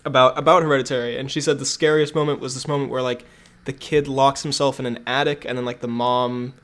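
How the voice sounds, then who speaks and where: A man's voice: medium pitch, level tone, fast, a bit bright. A man co-hosting a podcast in casual chat, rambling and trailing off with fillers. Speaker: podcast co-host.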